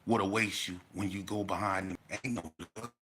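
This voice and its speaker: A man's voice: low voice, fairly even intonation, normal speed, fairly bright tone, husky. A middle-aged man telling a blunt, slang-heavy story straight to his audience. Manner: blunt, street slang, addresses the audience directly. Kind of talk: casual storytelling to camera.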